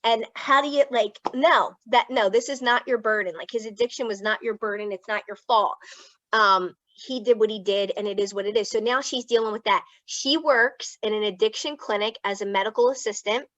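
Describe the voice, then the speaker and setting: Woman, Philadelphia accent, higher voice, candid casual storytelling, dry muffled video-call sound. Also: moderate pace, a bit bright, no echo. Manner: emotional, tearful at times, frank and casual. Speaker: guest speaker, clinical psychologist.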